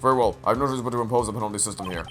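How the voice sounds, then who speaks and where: A man's voice: lowish voice, racing, over music. A man playing through a video game and reading its dialogue aloud with playful, joking asides. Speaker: let's play gamer.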